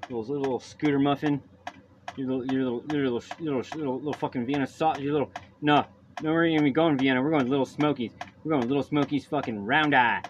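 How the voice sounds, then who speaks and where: A man's voice: mid-range voice, fairly quick. A man hosting a solo podcast from home, rambling loosely and swearing constantly. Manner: profane, rambling, loose and casual. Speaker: podcast host. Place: at home, by a baby monitor. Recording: dull lo-fi audio with noise.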